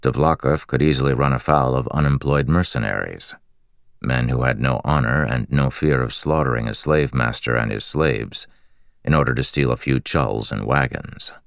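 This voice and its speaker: A man reading a fantasy audiobook in a measured, steady storytelling manner on a close studio mic. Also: a bass voice, creaky, clean tone, no echo. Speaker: audiobook narrator. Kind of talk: scripted fantasy narration.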